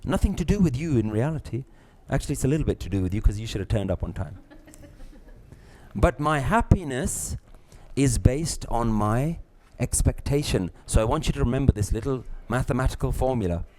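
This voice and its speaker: A middle-aged man, teaching a live class, lively, acting out little scenes and laughing often. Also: mid-range voice, normal speed. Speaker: spiritual teacher.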